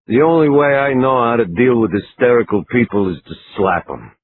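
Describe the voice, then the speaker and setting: A man's voice: medium pitch, expressive, normal speed, natural voice. A man voicing a big, smug hijacker who threatens in a mocking tone. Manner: smug, menacing. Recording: lo-fi phone-like line, faint hiss.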